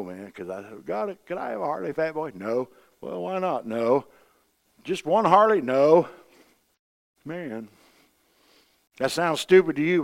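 A middle-aged man with a mid-range voice preaches a sermon in a folksy, conversational way. He swings between loud, emphatic bursts and quiet asides.

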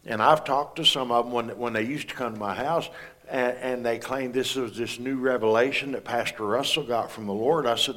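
A man's voice: medium pitch, normal speed, a bit bright. A man delivers a sermon in a plain, conversational way. He talks like a pastor speaking straight to his congregation, asking them questions and adding homely asides. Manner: plain-spoken, folksy asides.

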